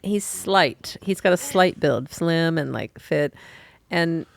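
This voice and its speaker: A man's voice: fairly high pitch, lively intonation, slow, vocal fry. A man co-hosting a casual chat about a show, rambling and often restarting his sentences. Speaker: co-host.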